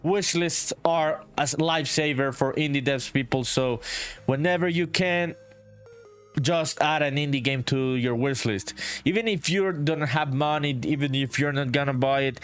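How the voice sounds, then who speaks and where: A man from Honduras, chatting casually on a game-development livestream, reading viewer messages aloud and saying "dude" a lot. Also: mid-range voice. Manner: laid-back, reads viewer chat aloud, says "dude" often. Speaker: indie game developer streaming. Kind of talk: casual livestream chat while working.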